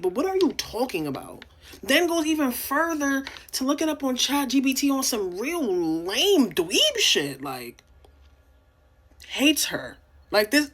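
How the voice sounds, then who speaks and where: A woman's voice: high-pitched, fairly bright tone. A young woman from New York City co-hosting a podcast, ranting bluntly and profanely in casual reality-TV commentary. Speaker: podcast co-host.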